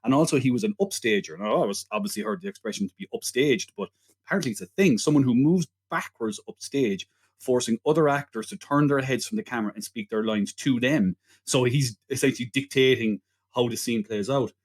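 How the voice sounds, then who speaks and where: A man's voice: mid-range voice, fairly quick, breathy edge. A man co-hosting a casual film podcast, telling stories in a joking, rambling way. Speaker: podcast co-host.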